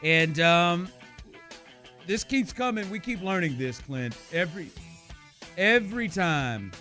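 A man's voice: sits high, sing-song, unhurried, sharp tone, faint music behind. A man hosting sports talk radio, chatting in an upbeat, conversational way and reading out scores.

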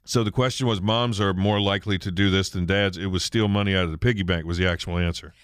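A man's voice: deep voice, steady tone, quick pace, clear, resonant tone, no echo, clean studio sound. A middle-aged man hosting a radio show, chatting casually and reminiscing. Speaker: radio host.

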